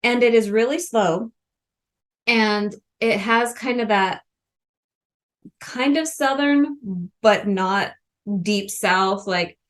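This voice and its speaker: A woman's voice: fairly high pitch, slow pace, pauses often. A woman from the Missouri Ozarks co-hosting a podcast, chatting casually about a book in a rambling way with many fillers. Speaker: podcast co-host.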